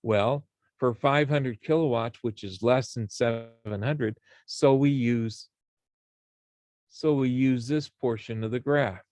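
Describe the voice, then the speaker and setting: A man's voice: medium pitch, slow pace, a little mellow, dry recording. A man teaching a college algebra class, explaining each step and checking in with his students. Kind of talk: classroom math lecture.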